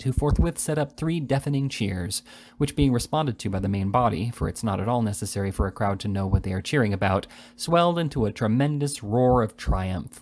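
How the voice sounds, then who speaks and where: Guy reading an old novel out loud, lively and theatrical. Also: medium pitch. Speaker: audiobook reader. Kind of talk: reading a classic novel aloud.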